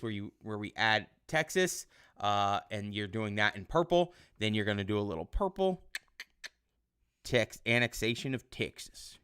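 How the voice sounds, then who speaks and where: Low, smooth-voiced male teacher. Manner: relaxed, rambling, many fillers. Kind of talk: casual online class instruction.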